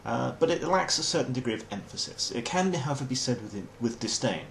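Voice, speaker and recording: A man's voice: medium pitch, lively intonation, fairly quick, creaky, slight background noise. An English man hosting a comic explainer monologue in a dry, wry, mock-formal manner. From England. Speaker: host.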